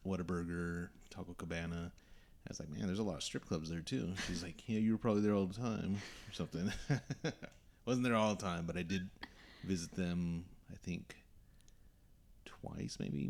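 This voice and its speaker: A young man hosting a podcast, telling a story casually and acting out the voices of the people in it. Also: sits low. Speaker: podcast host.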